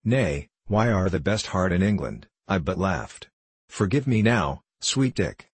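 A man's voice: sits low, sing-song, a little slow, slightly rough, no echo, heavily acted. A man reading the part of a timid, pious young runaway who pleads in old-fashioned speech. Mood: earnest. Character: timid gentle youth on the run, pious.

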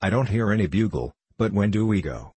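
A cheerful straw scarecrow, read by a man with a low, husky voice. He speaks in a positive, agreeable way, recorded close and dry for a storybook. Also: lively intonation, a little fast, mellow, dry recording. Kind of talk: audiobook reading.

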